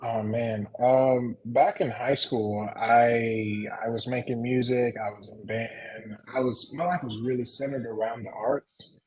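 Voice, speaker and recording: A man's voice: mid-range voice, steady tone, measured pace, a little hiss or hum, low-quality recording. A young man from Texas and Arkansas, a photographer guest on a podcast, speaking in a laid-back, easygoing way with dry humor. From Texas and Arkansas, USA. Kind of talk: casual interview chat.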